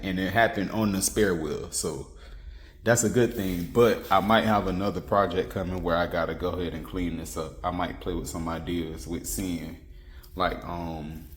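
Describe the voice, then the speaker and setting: A man casually talking through a car vlog in loose slang, trailing off with fillers as he shows off his vehicle and home. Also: low-pitched. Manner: laid-back slangy talk, trailing off with fillers. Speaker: car vlogger.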